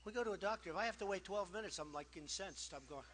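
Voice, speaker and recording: Man, campaign rally speech, very high voice, boastful, repetitive asides, long hall echo. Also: fast talker, a bit bright, slight background noise. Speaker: political candidate.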